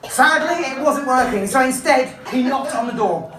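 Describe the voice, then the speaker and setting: A woman's voice: high-pitched, expressive, normal speed, fairly bright tone. A woman magician and comedian telling a comic story to a live audience, playful and coaxing a volunteer along. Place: comedy club stage. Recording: echoey room, voice from far off.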